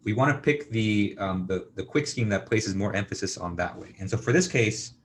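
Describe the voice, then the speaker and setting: A man with a low voice teaches a university engineering class, working step by step through equations. He talks with lots of fillers and keeps checking in with "okay?" and "right?". A faint hum sits behind him. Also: expressive, normal speed. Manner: thinking aloud with many fillers and checks like "okay?". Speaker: university lecturer. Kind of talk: recorded engineering lecture.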